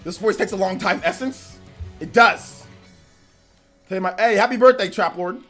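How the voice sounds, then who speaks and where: A man's voice: high-pitched, moderate pace, a bit bright, faint music behind. A man hosting a livestream, chatting casually with viewers and teasing them in mock anger. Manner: playful mock-angry teasing of chat. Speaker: livestream host.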